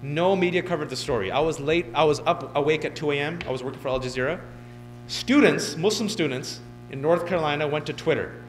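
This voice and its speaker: A man in his thirties giving an animated, joking fundraiser speech, acting out other people as he tells stories. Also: on the high side, fairly quick, soft background music, low-quality recording. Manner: animated, joking storyteller who mimics others. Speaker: keynote speaker. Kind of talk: motivational speech. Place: event hall.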